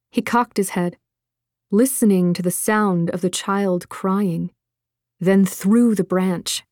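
A woman narrating an audiobook in a measured, expressive manner. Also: mid-range voice, dry recording, clean studio sound.

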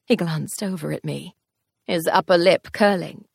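A woman's voice: on the low side, a little slow, gravelly, slightly rough, no room sound, studio quality. A woman narrating a first-person fantasy story in an audiobook, telling it expressively. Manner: expressive, tense storytelling pace shifts.

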